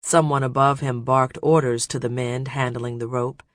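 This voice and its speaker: A man narrating an adventure audiobook in a steady, measured storytelling voice. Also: mid-range voice, no room sound, studio quality. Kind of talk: scripted narration.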